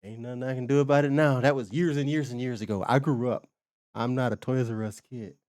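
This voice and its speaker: A man's voice: mid-range voice, steady tone, brisk, darkish tone, no room sound, clean studio sound. A man with an American accent reacting to a video in loose, joking talk full of slang and swearing. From United States. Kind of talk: casual reaction commentary.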